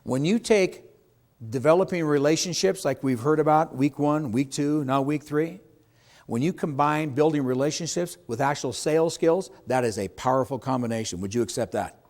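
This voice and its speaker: A man's voice: fairly high pitch, normal speed, a little mellow. Emphatic man teaching a sales seminar. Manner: emphatic, asks the audience questions, acts out client quotes. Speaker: real estate sales trainer. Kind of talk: seminar talk to a live audience.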